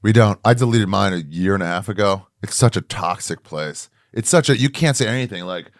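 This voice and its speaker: A man's voice: lowish voice, brisk, dry recording, studio quality. A man chatting as a comedian guest on a podcast, telling stories animatedly, acting out other people's voices and swearing freely. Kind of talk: casual podcast chat.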